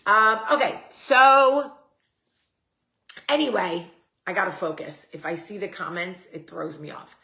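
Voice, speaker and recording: A woman's voice: medium pitch, measured pace, gravelly, sharp tone. A woman hosting a casual livestream, chatting straight to her viewers, answering their comments aloud and swearing casually. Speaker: host.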